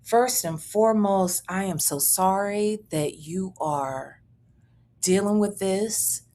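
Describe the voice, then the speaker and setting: A woman with a mid-range, mellow voice hosts a casual livestream at a slow pace. She's chatty and profane, reading viewer messages aloud and thanking the senders.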